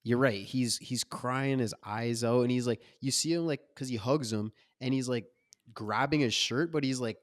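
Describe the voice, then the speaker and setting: A man's voice: mid-range voice, moderate pace, no room sound, clean studio sound. A man co-hosting a podcast, talking casually and with energy about a film, using loose slang. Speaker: podcast co-host.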